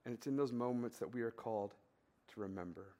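A man's voice: medium pitch, brisk. A man preaching in an easygoing, conversational way, slipping into anecdotes with casual fillers. He builds to points through repeated, rhythmic phrases. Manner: relaxed storytelling with fillers and emphatic repetition. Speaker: pastor. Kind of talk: conversational sermon with personal story.

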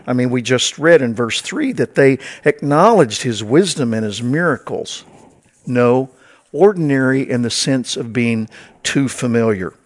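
A man preaching a sermon as pastor to his congregation, in a conversational way with wry asides. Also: medium pitch.

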